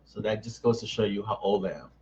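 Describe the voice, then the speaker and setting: A man's voice: lowish voice, fast, dark tone, dull audio, slight background noise. A middle-aged man, an author hosting a casual live-stream chat, answering viewers by name in a chatty, self-mocking way.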